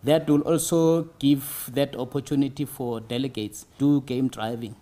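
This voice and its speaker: A man, a city tourism official answering interview questions in a halting way, often pausing on fillers. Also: mid-range voice, steady tone, mellow. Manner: halting, frequent "you see" fillers.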